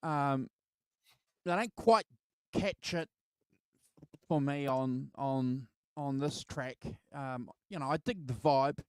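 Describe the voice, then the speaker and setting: A man's voice: mid-range voice, takes it slowly, long pauses, clean tone, dry recording. A man co-hosting a casual album review chat, rambling with lots of fillers. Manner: rambling, filler-heavy, laughs easily. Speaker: co-host.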